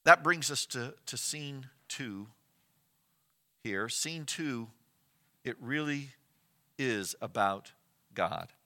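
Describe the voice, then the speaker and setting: A man preaching a sermon as pastor, retelling a scripture story with rhetorical questions and shifts between loud and soft emphasis. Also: mid-range voice, lively intonation, takes it slowly, long pauses.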